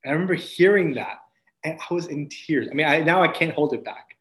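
A man, a podcast guest, earnestly telling his personal faith testimony as a story, with restarts and soft laughs. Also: a little high, expressive, brisk. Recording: roomy echo.

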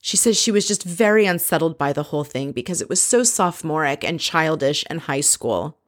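A woman's voice: deep voice, lively intonation, a little fast. A woman giving a casual, sarcastic recap of a reality TV episode in a chatty commentary style.

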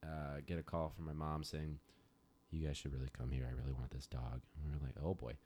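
Young male co-host, very deep register, chatty storyteller. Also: little pitch movement, fairly quick, dark tone, slight background noise. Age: young adult. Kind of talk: casual chat.

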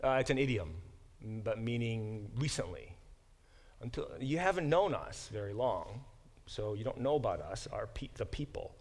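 A man's voice: lowish voice, big pitch swings, normal speed, darkish tone. Man lecturing on scripture. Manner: explanatory, with frequent fillers and restarts. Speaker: professor teaching a Bible class.

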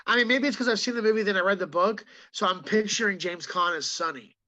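A man who is a comedian, chatting as a podcast guest and telling animated stories with quick impressions. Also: sits high. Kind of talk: casual podcast chat.

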